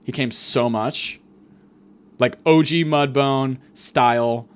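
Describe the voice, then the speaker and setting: A man's voice: medium pitch, steady tone, slow, smooth. A young man telling a crude, rambling comic story as a podcast host.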